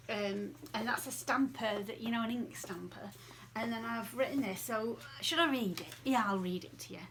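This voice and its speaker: A woman's voice: fairly high pitch, a bit bright, a little hiss or hum. Chatty woman vlogging. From England. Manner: chatty and rambling, with many fillers. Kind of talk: casual chat to camera.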